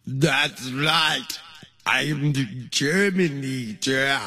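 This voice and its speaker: A man putting on a slow, heavy, mock-threatening voice as a male Terminator figure. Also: on the high side, voice pushed down, exaggerated voice. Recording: loud music behind the voice.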